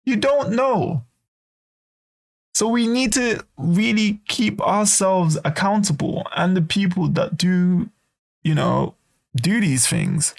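A man with a gravelly, creaky voice sits a little higher than most men. He talks in a loose, casual rant, swears freely, and acts out what other people might say. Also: takes it slowly. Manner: ranting, swearing, animated, acts out quoted voices. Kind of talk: casual monologue to camera.

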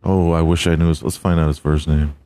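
A man's voice: a bass voice, flat delivery, fairly quick, dark tone, slight background noise. A man hosting a casual solo podcast, swearing a lot, laughing, and fumbling through hard names. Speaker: podcast host.

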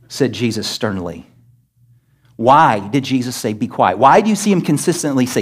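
A pastor delivering an emphatic sermon in a church, scolding and asking rhetorical questions. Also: male voice, medium pitch, animated, moderate pace, slightly rough. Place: church sanctuary.

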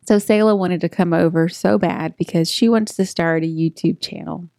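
A woman co-hosting a podcast, telling a story in a lively way with frequent laughter and acted-out quotes. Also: on the low side, normal speed, no echo, studio quality. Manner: animated, laughing, acts out quotes. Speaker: podcast co-host. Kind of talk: casual storytelling chat.

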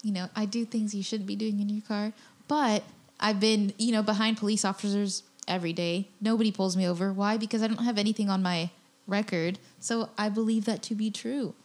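A woman with a mid-pitched voice chats casually. She speaks frankly and readily, joining the group conversation. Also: fairly even intonation, fairly quick. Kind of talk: casual chat.

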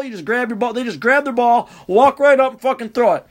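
A man telling a rambling, profane, animated story in casual chat. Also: extremely high pitch, a little fast, hardly any pauses.

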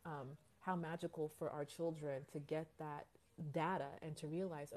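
Earnest low-voiced woman on parenting. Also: fairly even intonation, moderate pace, a little mellow. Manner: earnest, reflective, repeats phrases while searching for words.

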